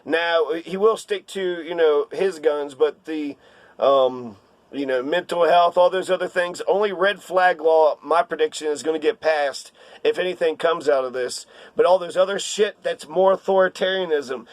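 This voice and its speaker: A man's voice: a little high, normal speed, no echo. A man ranting in casual political commentary, heated and sarcastic, on a close dry mic.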